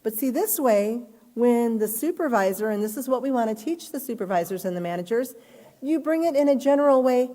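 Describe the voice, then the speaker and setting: A woman teacher leading an online class, reading workbook scenarios aloud and acting out the quotes with lively delivery. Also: on the high side, a little fast. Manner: animated, reads aloud and acts out quoted speech. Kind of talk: live online class lesson.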